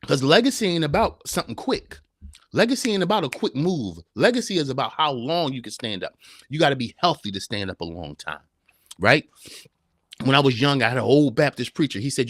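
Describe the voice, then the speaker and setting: Man, live podcast host, emphatic preacher cadence, rhetorical questions, mid-pitched voice, dry close sound. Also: animated, a little fast, a bit bright, dry recording. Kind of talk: live-streamed motivational talk.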